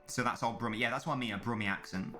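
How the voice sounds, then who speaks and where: A man's voice: mid-range voice, racing, sharp tone, faint music behind. A man hosting a live football watchalong stream, chatting casually with viewers and commentating on the match in a rambling way. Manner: rambling, chatty, many restarts, reads chat aloud.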